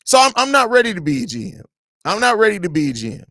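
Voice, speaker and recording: A man with a Chicago accent hosting a live podcast stream, reading chat comments and ranting in a blunt, profane, animated way. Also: high-pitched, fast talker, no echo, clean studio sound.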